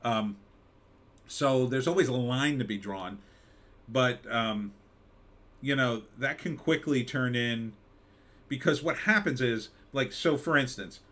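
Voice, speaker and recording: A man with a medium-pitched, slightly bright voice hosts a live stream, speaking slowly and pausing often. He has a mid-Atlantic American accent and rambles conversationally, reading viewer comments and slipping into mock announcer bits.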